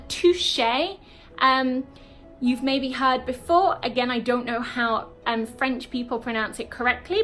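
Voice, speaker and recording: A young British woman with a British accent teaching English in a chatty way, with frequent "um" and "okay" and slow demonstrations of words. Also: a little high, bright, forceful tone. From Britain. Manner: chatty, frequent ums and okays, slow deliberate word demos. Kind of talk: online English lesson.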